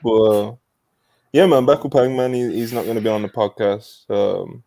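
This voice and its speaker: A man's voice: fairly low pitch, fairly even intonation, normal speed, gravelly, warm tone, slight background noise. A man co-hosting a podcast in a casual chat, easygoing and laid-back. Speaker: podcast co-host.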